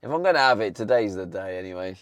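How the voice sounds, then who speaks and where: A man's voice: on the low side, expressive, fast talker, no echo, clean studio sound. A young man streaming live from his van, chatting casually and bantering with his viewers. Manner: chatty, swears, talks back to chat.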